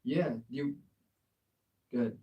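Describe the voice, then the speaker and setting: A man's voice: medium pitch, takes it slowly, recorded from a distance, lo-fi sound. An American man giving a casual live English lesson, patiently correcting a learner's pronunciation with encouragement and frequent laughs. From United States. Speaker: English tutor. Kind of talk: live language exchange lesson.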